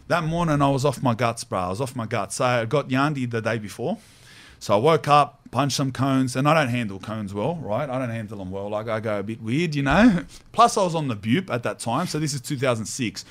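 Australian male host, casual storyteller, slangy and animated, mid-range voice. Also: mid-range voice, fairly quick. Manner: animated, slangy, laughs while telling stories. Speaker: podcast host.

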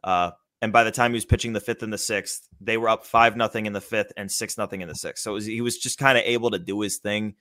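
A man's voice: fairly low pitch, steady tone, quick pace, few pauses, bright, forceful tone. Man, podcast host, casual sports chat, enthusiastic, loose delivery.

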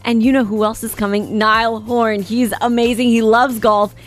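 A woman's voice: on the high side, little pitch movement, normal speed, faint music behind. Bubbly New York woman radio host. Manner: bubbly, enthusiastic. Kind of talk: breakfast radio chat.

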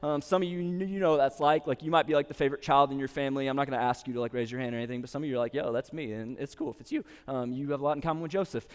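A preacher delivers a casual, conversational sermon in a large hall before a live audience, retelling a story and acting out the quotes. His medium-pitched voice races along with few pauses and a clean tone, peppered with lots of "like."

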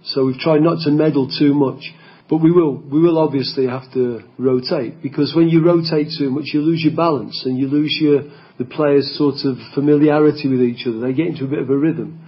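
Husky football coach on a lo-fi clip. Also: male voice, fairly high pitch, steady tone, a little fast. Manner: thinking aloud, repeating words. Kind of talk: press comments. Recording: lo-fi press clip.

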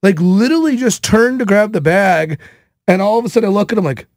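A man in his thirties hosting a podcast, telling a casual story in an animated way, with many fillers. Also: sits high, quick pace, no room sound, studio quality. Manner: animated, filler-heavy with frequent "like". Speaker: podcast host.

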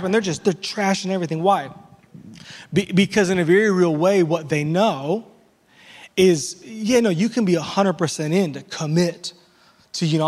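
A man's voice: sits high, moderate pace, long reverb tail. A man preaching a conversational sermon as pastor, with frequent restarts and playful asides.

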